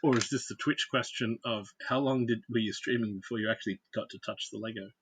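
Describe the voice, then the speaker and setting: A man's voice: medium pitch, steady tone, fast talker, fairly bright tone, breathy edge, no room sound. A man hosting a casual livestream, chatting and greeting viewers by name while he builds. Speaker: livestream host.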